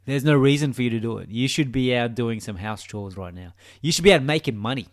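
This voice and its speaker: A man's voice: mid-range voice, a little fast. A man with an Australian accent, a gaming video creator giving a rambling, mock-philosophical monologue that teases the viewer.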